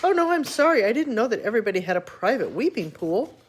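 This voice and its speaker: A woman's voice: a little high, sing-song, fast talker, slight background noise. A woman voicing a polite, eager boy adventurer in a storybook reading. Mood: apologetic.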